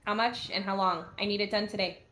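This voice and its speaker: A woman playing a tabletop game, speaking politely, deliberately and directly. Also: medium pitch, steady tone, a bit bright. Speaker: player.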